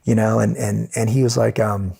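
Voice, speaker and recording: Middle-aged American man, husky with a gravelly edge, an animated storyteller who voices the characters he describes. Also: on the low side, moderate pace. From United States. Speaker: podcast guest. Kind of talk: storytelling in conversation.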